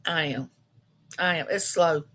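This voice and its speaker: Bright-voiced woman in her fifties. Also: low voice, unhurried. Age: 50s. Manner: chatty, homey, talks straight to her viewers. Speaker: live-stream host. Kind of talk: casual live chat with viewers.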